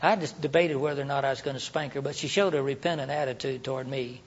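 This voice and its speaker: A man's voice: medium pitch, fairly even intonation, fast talker, breathy edge. A middle-aged man preaching in a conversational way, asking rhetorical questions and acting out quoted lines. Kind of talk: sermon teaching. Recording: dull lo-fi sermon recording.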